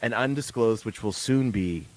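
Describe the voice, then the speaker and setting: A man's voice: lowish voice, moderate pace, poor audio. A man hosting a casual live morning show, joking and teasing his co-host with lots of fillers.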